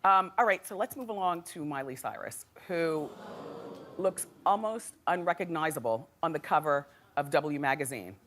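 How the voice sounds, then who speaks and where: A woman's voice: low-pitched, expressive, moderate pace, fairly bright tone. A middle-aged woman hosting a daytime talk show, telling gossip stories in a chatty, dramatic way with frequent laughs. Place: TV studio with live audience. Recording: studio audience noise and crowd.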